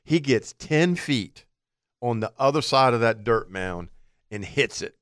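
Male radio co-host who tells long stories vividly; smooth, clear tone, close dry mic. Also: mid-range voice, unhurried, dry recording. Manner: animated storyteller acting out his own thoughts. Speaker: radio outdoor show co-host. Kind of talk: storytelling on talk radio.

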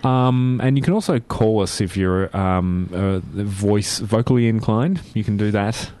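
A lowish-voiced man hosts a community radio tech segment from the studio mic. He is chatty and relaxed, often pausing on fillers while he thinks. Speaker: radio show host. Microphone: studio microphone.

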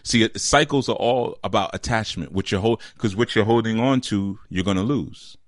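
A man giving an informal spiritual teaching, conversational and deliberate, often checking in with "you see?" and slowing down to stress key words. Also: fairly low pitch, dry recording, clean studio sound.

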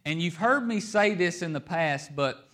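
A male pastor delivering a sermon with a slightly higher-than-average voice. He leans hard on key words, slowing down and speeding up, dropping low and then swelling louder to drive each point home. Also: expressive. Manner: emphatic, varies pace and loudness, stresses key words.

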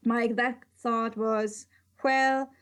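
A woman's voice: on the high side, fairly even intonation, moderate pace. A woman co-hosting a casual podcast chat, reading a listener's email aloud with joking asides. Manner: laughs often, reads with asides. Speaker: podcast co-host.

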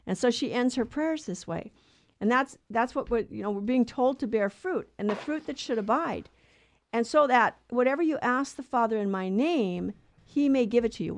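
A woman's voice: a little high, normal speed, no room sound. Earnest woman co-host telling a faith lesson. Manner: earnest storyteller who acts out quoted voices. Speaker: co-host of a Catholic talk show. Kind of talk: conversational faith teaching.

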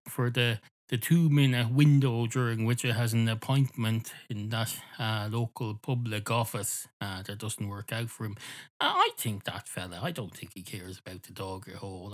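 A man hosting a podcast, telling an absurd story in a rambling, deadpan comic monologue. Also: fairly low pitch. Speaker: podcast host.

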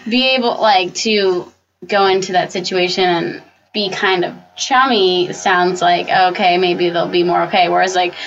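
A young woman with a lowish, gravelly voice reflects on relationships on a faith podcast, often pausing and restarting her thoughts. The sound is dull, with faint hiss behind. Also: fairly even intonation. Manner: reflective, hesitant restarts, frequent affirming murmurs. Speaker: podcast co-host. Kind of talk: casual faith-based discussion.

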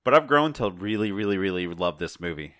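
A man co-hosting a podcast, talking in a relaxed, casual way with fillers and laughs. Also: low voice, fairly quick, no echo, clean studio sound. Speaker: podcast co-host. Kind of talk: casual chat.

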